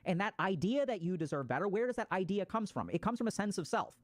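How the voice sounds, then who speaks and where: A man's voice: high voice, lively intonation, fast talker, no echo. A man giving a casual explanatory talk on mental health, swearing freely and acting out people's reactions.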